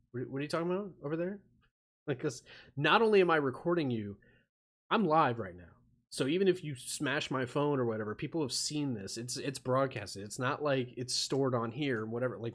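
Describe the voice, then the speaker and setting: Rambling, profane male streamer. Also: mid-range voice. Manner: profane, rambling, laughs often. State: feverish. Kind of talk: rambling live-stream commentary.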